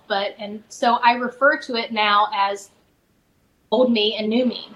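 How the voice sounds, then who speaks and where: A middle-aged woman, a spiritual advisor guest, softly and reflectively telling a personal story in a podcast interview, with many fillers and restarts. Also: mid-range voice, fairly even intonation, unhurried, rough recording.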